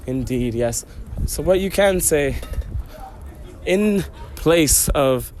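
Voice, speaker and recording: A man's voice: on the high side, expressive, unhurried, a little mellow, slight background noise. A man hosting a solo podcast, rambling and joking to himself as he walks outdoors along city canals. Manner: playful, joking self-talk with digressions. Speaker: podcast host.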